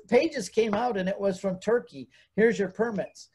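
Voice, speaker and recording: Male guest, storyteller, acts out quoted voices, animated. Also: high-pitched, moderate pace, husky.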